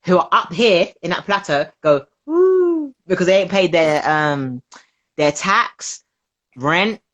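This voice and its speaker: Animated woman, laughing often. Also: fairly low pitch, a little slow. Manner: animated, laughing, playful voices for quoted people. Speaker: podcast guest. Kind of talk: casual chat.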